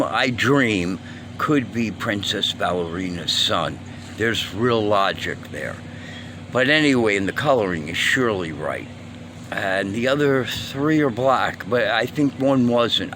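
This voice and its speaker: A man with a fairly low voice talks very slowly into a phone he holds outside, wandering from thought to thought and trailing off. The phone recording carries a steady hum of air conditioning and passing cars behind him. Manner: meandering, trailing off and restarting. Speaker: vlogger. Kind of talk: rambling handheld phone vlog. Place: outdoors among stray cats. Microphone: phone held in hand. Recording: phone audio with clear ambient noise.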